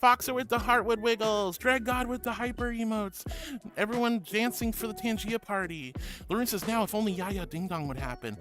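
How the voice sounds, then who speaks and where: A man's voice: high-pitched, moderate pace, fairly bright tone, faint music behind. A man streaming live, reading chat aloud and playfully calling viewers honey and sweetie. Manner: playful and giggly.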